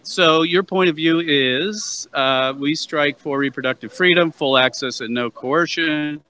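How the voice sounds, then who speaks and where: A man with a bright, somewhat high voice leads a street debate outdoors on a campus plaza. He asks persistent, probing questions and trips over repeated words as he pushes his point. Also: measured pace, clear, resonant tone, low-quality recording. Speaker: anti-abortion street activist interviewer.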